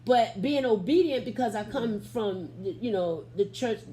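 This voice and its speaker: Animated woman telling a church testimony. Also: a little high, normal speed, a little hiss or hum. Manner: Southern Black church vernacular, expressive, acts out quotes. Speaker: interview guest telling her testimony.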